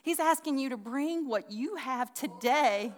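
A woman's voice: high voice, animated, a little slow. A woman giving a casual, conversational sermon, folksy and chatty with frequent restarts and asides. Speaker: Bible teacher. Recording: long hall reverb.

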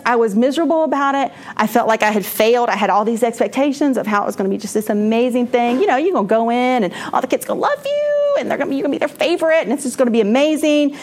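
Candid woman with a higher voice. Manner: candid and rambling, with frequent restarts and laughter. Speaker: speaker at a church moms' class. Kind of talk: personal testimony talk.

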